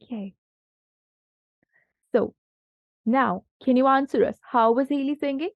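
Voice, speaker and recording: Female tutor, fairly high voice, slow and patient with a young pupil, dull lo-fi recording. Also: no echo. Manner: patient, encouraging, asks many questions. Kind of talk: one-on-one grammar lesson for a child.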